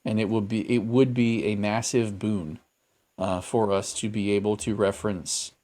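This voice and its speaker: During a casual podcast conversation, a male co-host speaks at normal speed in a low, slightly mellow voice with a steady tone. He thinks aloud and rambles, filling in with lots of fillers and restarting often.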